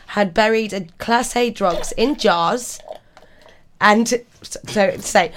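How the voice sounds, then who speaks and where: Giggly woman reading news. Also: mid-range voice. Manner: giggly, animated storytelling. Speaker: radio show co-host. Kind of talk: reading news and casual banter.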